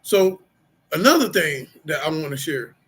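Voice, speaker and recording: This middle-aged man's voice is higher than average, husky and fairly bright, with big swings in pitch at a normal speed. Speaking casually to camera as a vlogger, he opens up about his past and personal recovery, rambling through fillers and street slang. The audio is poor.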